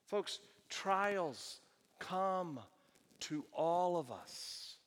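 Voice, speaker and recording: A middle-aged man preaching a sermon, swinging between hushed, slow passages and loud, emphatic ones. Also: sits high, animated, big-room sound. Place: church sanctuary.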